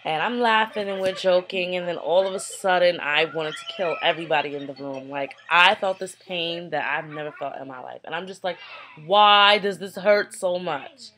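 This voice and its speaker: A young woman with a slightly low voice recounts a personal story to camera in a loose, chatty way. She keeps it animated and slips into the voices of the people in the story. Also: fairly quick, few pauses, slight background noise. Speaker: vlogger.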